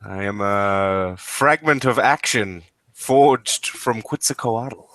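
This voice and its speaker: A man's voice: lowish voice, slow, a bit bright, dry recording. Man doing an old crackly wind spirit. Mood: grandiose. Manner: grand, cryptic pronouncements. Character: ancient male wind spirit, fragment of a serpent god.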